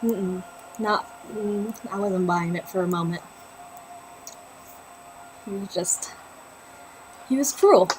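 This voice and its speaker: A woman's voice: medium pitch, takes it slowly, pauses often, a little hiss or hum, rough recording. A woman hosting a knitting livestream, chatting and laughing as she tells a personal story. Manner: chatty and animated, laughing often. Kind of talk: casual storytelling while knitting.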